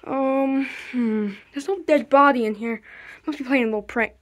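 A man's voice: very high-pitched, moderate pace. A man voicing a bumbling police officer in a puppet fan video, hesitant and full of ums.

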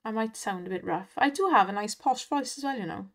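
A woman's voice: medium pitch, expressive, fairly quick. A Welsh woman hosting an online slots video, chatting casually and laughing often as she cheers on the spins. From Wales. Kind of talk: casual chat and commentary over gameplay.

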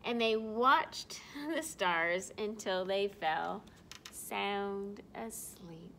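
A woman reading a picture book aloud to young children, animated and drawn-out, asking her listeners questions. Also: a little high, gravelly, background noise. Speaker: storyteller for children.

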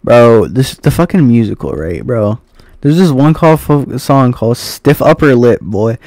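A man's voice: medium pitch, expressive, measured pace, a little mellow, no echo. Young dude rambling and teasing his buddy in game chat, dry close sound. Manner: rambling, teasing, mock-dramatic. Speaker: friend on voice chat. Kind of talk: casual gaming chat.

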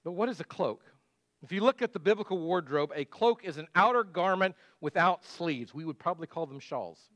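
A man's voice: a little high, animated, brisk, fairly bright tone, dry recording. A middle-aged male pastor giving a conversational sermon full of rhetorical questions.

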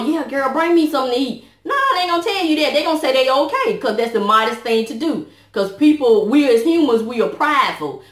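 A woman's voice: high-pitched, fairly bright tone. A middle-aged woman sharing a personal testimony on her vlog, talking in an earnest, preachy way about prayer and helping others. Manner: earnest, preachy, Southern US dialect features. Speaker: vlogger. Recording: echoey room.

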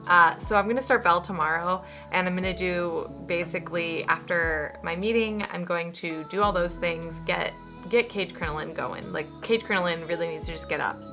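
A woman's voice: lowish voice, moderate pace, few pauses, music in the background. A young woman sewing vlogger chatting casually at home, rambling with fillers and little laughs. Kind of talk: casual vlog.

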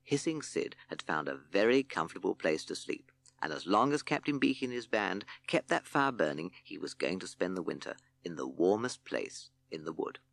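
A man narrating a children's audiobook in an expressive storytelling manner. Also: low voice, moderate pace, creaky, no echo.

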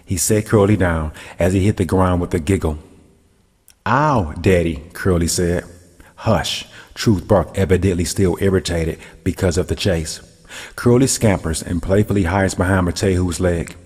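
Male narrator, low husky read, long room echo. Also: steady tone, normal speed, a little mellow. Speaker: storyteller. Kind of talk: storybook narration.

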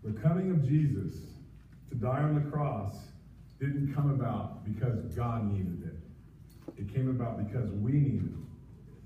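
Pastor preaching in an echoey church. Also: male voice, mid-range voice, slight background noise. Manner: conversational, with pauses and fillers. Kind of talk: sermon. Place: church sanctuary. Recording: echoey, distant, dull livestream sound.

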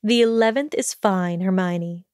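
A woman voicing a calm, steady older headmistress witch in a storybook reading, speaking evenly and measuredly. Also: mid-range voice, clean tone, no echo, studio quality, lightly acted. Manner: even, measured delivery.

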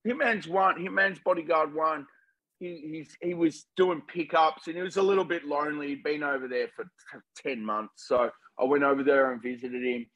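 A man, a filmmaker guest, chatting casually and telling animated stories in an interview. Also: on the high side, moderate pace, low-quality recording.

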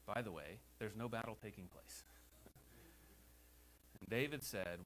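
A man's voice: on the low side, expressive, slow, low-quality recording. Emphatic American pastor man preaching. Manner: emphatic, rises to loud exhortations. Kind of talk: sermon. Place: church sanctuary. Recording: faint hum behind the voice.

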